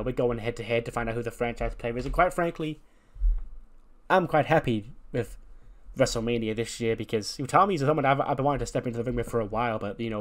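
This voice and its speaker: A man's voice: medium pitch, lightly acted. A man voicing a confident female wrestler who delivers a chatty, self-assured promo.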